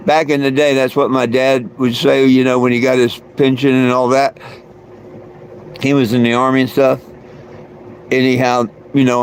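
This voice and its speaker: A man's voice: mid-range voice, slight background noise. A man hosting his own livestream, chatting loosely with many fillers and restarts and chuckling often. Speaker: livestream host. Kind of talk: rambling casual livestream chat.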